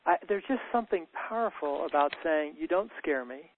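A man's voice: fairly high pitch, expressive, fairly quick, narrow, tinny audio, a little hiss or hum. A man speaking thoughtfully in conversation, repeating words as he starts sentences. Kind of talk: reflective conversation.

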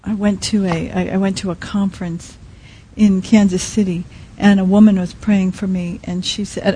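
A woman preaching with a mellow, warm tone and a slightly husky edge. She speaks softly and haltingly, with restarts and fillers, and often sinks to a near-hush. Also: mid-range voice, level tone, low-quality recording. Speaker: speaker at a Christian teaching. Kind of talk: sermon.

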